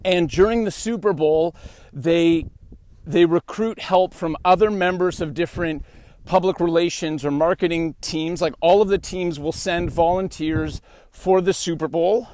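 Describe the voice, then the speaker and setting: A young man from Canada telling a story as a podcast host, animated and acting out quoted dialogue. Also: a little high, no room sound. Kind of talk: casual storytelling monologue.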